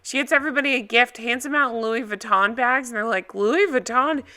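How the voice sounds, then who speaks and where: Woman, bright forceful voice, casual reality show recap, blunt, exasperated. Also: on the high side, fast talker. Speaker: reaction video host.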